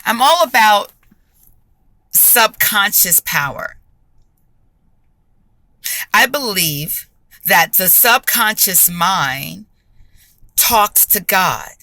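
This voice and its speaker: A woman giving a spoken faith testimony, emphatic and deliberate, repeating phrases for stress. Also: mid-range voice, expressive, sharp tone, no echo. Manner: slow and deliberate.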